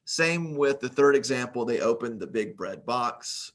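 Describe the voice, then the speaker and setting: A man's voice: mid-range voice, expressive, a little slow, hardly any pauses. A man teaching a recorded grammar lesson, reading example sentences aloud and explaining them methodically, with the occasional filler.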